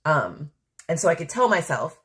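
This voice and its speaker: A woman's voice: low voice, big pitch swings, normal speed, fairly bright tone. A woman hosting a podcast, talking through her thoughts in a rambling, candid monologue full of fillers. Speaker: podcast host. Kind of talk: casual reflective monologue.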